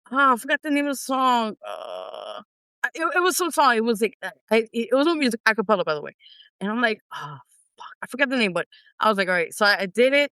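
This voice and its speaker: Speaking at a fairly high pitch, a middle-aged independent singer tells her story in a casual interview, lively and animated as she reenacts how she reacted at the time. Her voice comes across bright and crisp, captured close-up and dry with no room sound.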